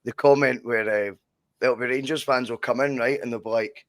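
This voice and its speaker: A man's voice: mid-range voice, steady tone, brisk, fairly bright tone, dry recording, clean studio sound. A man hosting a casual podcast over a video call, chatty and matey as he plugs the channel. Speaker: podcast host.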